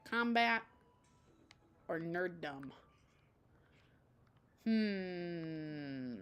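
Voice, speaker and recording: A woman's voice: lowish voice, slight background noise. A young woman streamer reading a dating game aloud at home, playful and chatty as she acts out the text.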